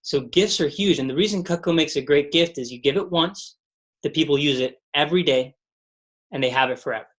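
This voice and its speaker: A man's voice: a little high, fairly quick. A man leading a motivational sales training call, telling stories and repeating mantras with energy.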